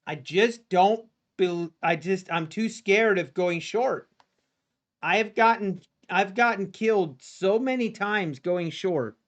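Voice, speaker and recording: A man livestreaming his futures trading, anxiously talking to his chat and pleading with the market, going from low muttering to sudden yells. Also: takes it slowly. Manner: talks to chat directly. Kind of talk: live trading stream commentary.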